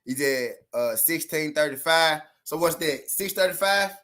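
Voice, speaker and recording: A man's voice: on the high side, animated, unhurried, bright, forceful tone. A man with a Southern US accent hosting a casual boxing livestream, chatting loosely with viewers and repeating himself.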